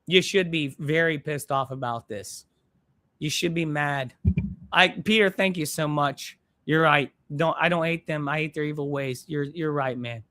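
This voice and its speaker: A man hosts a live stream, talking bluntly, profanely and in a rambling way. His voice is bright and forward. He moves between heated rants and reading viewers' comments aloud. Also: on the high side, moderate pace.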